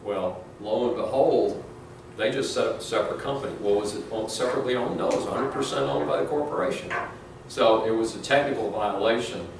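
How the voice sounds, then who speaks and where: A middle-aged male law professor with a lowish, gravelly voice gives a brisk, conversational lecture in a large classroom, full of anecdotes, fillers and restarts. The mic is distant, so the recording sounds echoey with a faint hiss.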